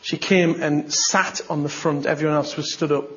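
A man preaching a sermon, telling a story and acting out the dialogue, with sudden bursts of excitement. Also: a little high, normal speed, dull audio.

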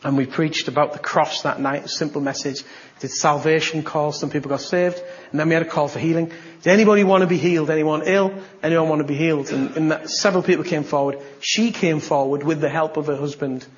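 A preacher tells a story to his congregation, acting out each exchange. His voice sits a touch high and swells into bursts of excitement. The recording is muffled and lo-fi. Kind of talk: sermon with a personal story.

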